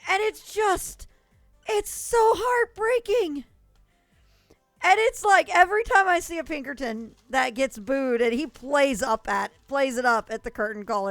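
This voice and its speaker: A woman's voice: a little high, fairly bright tone, no echo. A young adult woman streamer chatting casually with viewers, gushing and rambling, with frequent coughs.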